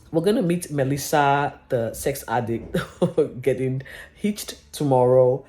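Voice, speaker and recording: A mellow, unhurried voice runs through a reality TV episode in a casual vlog. The delivery is chatty and gossipy, and "literally" comes up again and again. Faint music plays in the background. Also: mid-range voice, lively intonation. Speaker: reality TV recap vlogger.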